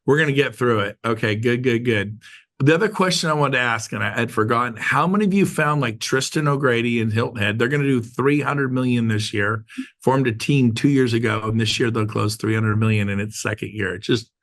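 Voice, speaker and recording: A middle-aged man coaching a group over a video call, with a gravelly edge to his voice. He talks emphatically and repeats his points, firing questions at his listeners. His pitch sits in the ordinary middle range. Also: brisk, a bit bright. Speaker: host of an online real estate training call.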